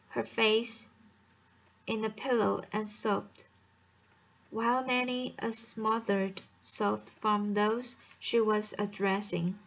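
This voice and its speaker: A woman's voice: a little high, highs cut off. A young woman, a student, reading a novel aloud as an audiobook, carefully and with frequent stumbles and restarts. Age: young adult. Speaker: student reader.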